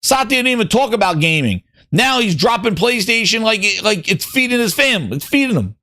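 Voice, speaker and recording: A man hosting a casual gaming talk show, ranting with an animated, sarcastic delivery. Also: high voice, fairly quick, dry recording, studio quality. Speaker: host.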